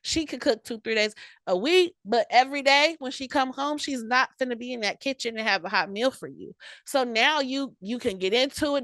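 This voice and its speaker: A woman's voice: high voice, normal speed, fairly bright tone, no echo. A young adult woman hosting a podcast, giving casual, direct relationship advice and calling the listener honey and baby. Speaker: podcast host.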